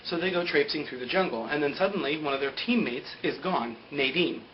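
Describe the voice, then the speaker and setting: A young man talks through a story in a loose, animated way, leaning on fillers as he goes. His voice sits a bit high. The home recording sounds dull and lo-fi, with a faint hiss. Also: brisk. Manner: rambling and animated, with lots of "like". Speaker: vlogger recapping a TV episode. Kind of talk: casual spoken recap.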